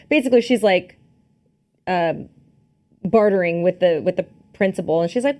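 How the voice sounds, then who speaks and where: A woman's voice: on the low side, lively intonation, normal speed, long pauses, warm tone. A woman co-hosting a podcast, recapping a film in casual chat and acting out its scenes. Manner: chatty, acts out scenes and quotes, many fillers and restarts. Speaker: podcast co-host. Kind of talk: casual movie review chat.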